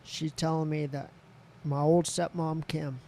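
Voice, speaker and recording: A candid man telling a story on a podcast, his voice mellow and a little higher than most men's. He speaks in an even, level tone without much swing. A faint background hiss sits under him. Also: unhurried, gravelly. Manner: candid, swears freely, voices others in quotes. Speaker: podcast guest. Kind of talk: casual storytelling.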